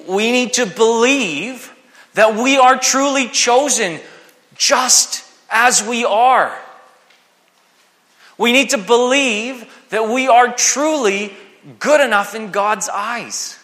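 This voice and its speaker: A man preaching a sermon, animated and acting out the voices he quotes. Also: very high voice, slow pace. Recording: long hall reverb.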